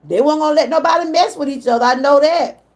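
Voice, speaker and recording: With a high-pitched voice and quick pace, a middle-aged Georgia woman with a Southern accent chats informally on her livestream. She becomes emotional when the subject turns to her mother.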